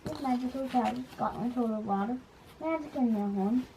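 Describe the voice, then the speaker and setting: A woman narrating a fairy tale for a puppet show, reading haltingly and restarting words. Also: a little high, dark tone, slight background noise, rough recording. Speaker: storyteller.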